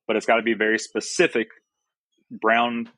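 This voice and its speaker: A Southern US man appears as a podcast guest, chatting casually and joking at his own expense with easy laughs. His voice is medium-pitched, monotone and fairly bright, moving at a moderate pace with no echo.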